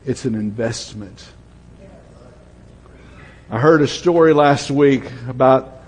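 Older Southern male pastor, husky, storytelling sermon, long church reverb. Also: mid-range voice. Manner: storytelling, drops to a soft hush for emotional moments.

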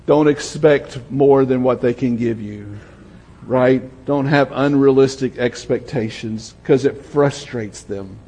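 An older Southern pastor delivers a storytelling sermon in a husky, slightly breathy voice. His words ring out with a long hall reverb, as from a church sanctuary. He drops to a quiet hush when the story turns tender. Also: mid-range voice, takes it slowly. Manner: storytelling, drops to a soft hush for emotional moments.

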